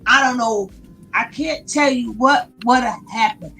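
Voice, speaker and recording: Woman commentator, high and unhurried, full of exclamations. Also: vocal fry, a bit bright, soft background music, poor audio. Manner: exclamatory, slow drawl. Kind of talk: reaction commentary.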